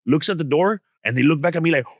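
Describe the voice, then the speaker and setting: A young man, a comedian telling a story in a casual, animated way, full of slang. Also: fairly high pitch, fast talker, no echo, studio quality. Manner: animated, code-switching slang. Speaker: comedian guest.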